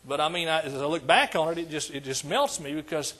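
A man's voice: on the high side, fast talker, bright, forceful tone. An older man preaching a sermon as pastor, emphatic and repetitive in his cadence.

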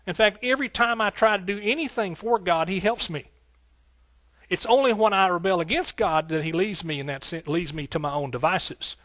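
Fervent preacher with a higher voice. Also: male voice, normal speed, dry recording. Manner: fervent and rhythmic, with repeated phrases and shouts of hallelujah; folksy, talking directly to the congregation. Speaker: pastor. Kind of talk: sermon.

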